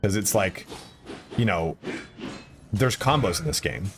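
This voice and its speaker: Low-voiced man streaming a game. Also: lively intonation, a little slow. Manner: chatty, bursts into swearing at the game. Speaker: gaming streamer. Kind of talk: casual live-stream commentary while playing. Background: faint game music.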